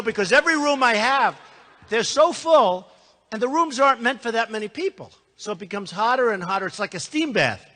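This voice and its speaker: An older man delivering a campaign speech in a big reverberant hall, his pitch high and swinging widely as he boasts and repeats himself. His tone is bright and forceful, with quick conversational asides to the crowd. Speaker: political candidate. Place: large hall before a live audience.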